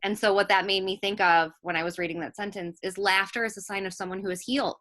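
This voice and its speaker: Bright-voiced earnest woman. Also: mid-range voice, steady tone, fast. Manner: earnest, reflective. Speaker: podcast guest. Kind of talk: casual recovery podcast chat.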